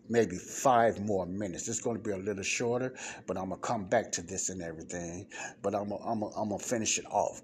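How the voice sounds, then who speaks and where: A man with a fairly low voice teaches scripture in a relaxed, conversational way, reading verses aloud and breaking them down. He often checks in with his listeners between points. A faint hum of background noise sits under his voice. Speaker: Bible teacher. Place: non-soundproof spot in a library.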